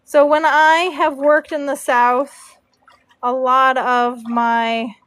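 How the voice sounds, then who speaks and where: A woman's voice: sits high, flat delivery, takes it slowly, fairly bright tone, no room sound. A woman hosting a casual livestream, chatty, reading and answering viewer comments while she works. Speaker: livestreaming horse braider.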